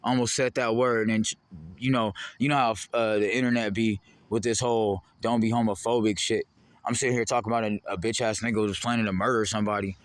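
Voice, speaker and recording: A man's voice: on the low side, steady tone, fast, dry recording. A man in a heated, rambling, profane monologue to the camera. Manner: heated, rambling, profane, jumping between topics. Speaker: vlogger.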